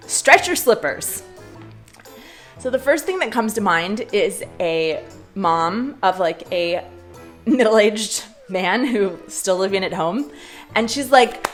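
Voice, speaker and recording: A woman's voice: mid-range voice, expressive, slow pace, faint music behind. A young woman chatting casually as a vlogger, full of fillers and frequent laughs. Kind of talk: casual chat.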